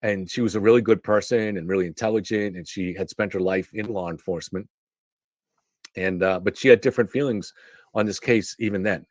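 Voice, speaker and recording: A man's voice: fairly low pitch, brisk, no room sound, studio quality. A man hosting a live stream, telling a long personal story in a rambling way, often restarting his sentences. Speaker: show host. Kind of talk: casual monologue on a live stream.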